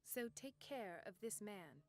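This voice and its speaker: Composed game doctor, measured and clinical, mid-pitched. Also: female voice, expressive, a little mellow. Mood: curt. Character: woman psychiatric doctor, calm and authoritative.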